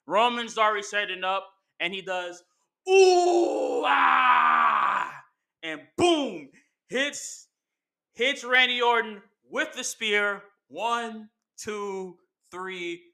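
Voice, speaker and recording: A man's voice: sits high, slow, bright, forceful tone. A man hosting casual commentary, rambling through his ideas with lots of fillers and restarts. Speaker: wrestling commentary host.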